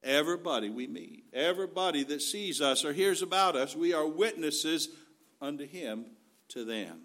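A man's voice: a little high, lively intonation, normal speed, fairly bright tone. A man preaching a sermon in an earnest, folksy way, weaving in scripture.

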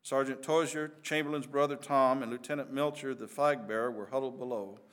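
A man narrating a battle story with vivid, emphatic storytelling. His voice sits in an ordinary middle pitch, and he builds drama as he goes. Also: fairly even intonation, brisk.

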